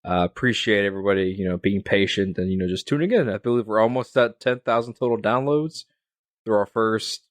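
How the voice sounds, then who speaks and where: A man's voice: on the low side, fairly quick, no room sound. A young man hosting a casual sports podcast, rambling with lots of fillers and restarts. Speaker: podcast host.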